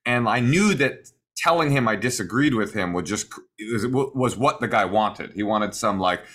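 A man co-hosting an advice podcast in casual chat, trading deadpan, sarcastic jokes. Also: on the low side, normal speed. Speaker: podcast co-host giving advice. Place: hotel room.

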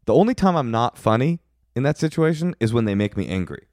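A middle-aged man tells a story with a voice that leaps up and down in pitch. He swears freely and acts out the other people in his tales, and his close mic sounds dry. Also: big pitch swings, fast talker, darkish tone, dry recording. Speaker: podcast co-host. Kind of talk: casual chat.

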